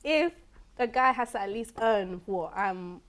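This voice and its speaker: A woman's voice: medium pitch, lively intonation, a little slow, fairly bright tone. A young woman whose first language is Spanish, speaking firmly and assertively in a dating conversation. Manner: assertive, firm, correcting. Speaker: dating show contestant.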